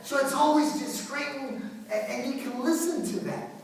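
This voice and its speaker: Priest preaching in an echoey hall. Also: male voice, very high voice, normal speed. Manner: animated, repetitive, joking storyteller. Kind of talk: sermon. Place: church. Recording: echoey hall, far from mic.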